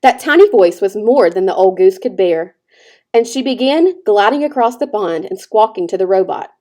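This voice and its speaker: A woman teacher reading a children's novel aloud with expressive storytelling. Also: medium pitch, normal speed. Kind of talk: children's book read-aloud.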